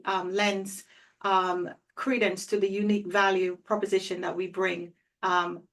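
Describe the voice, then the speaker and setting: A woman hosts an interview conversation, asking her guest questions and wrapping up with upbeat, enthusiastic remarks. Her voice sits at a middling pitch. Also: a bit bright. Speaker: interview host.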